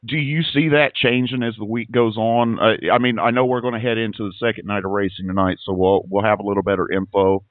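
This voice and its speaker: A man hosts a casual racing interview in a lowish voice, chatty and folksy, often repeating his words. The sound is thin and phone-like, with dry, close audio. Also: fairly even intonation, fairly quick, hardly any pauses, dry recording. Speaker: racing show host. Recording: tinny phone-like line.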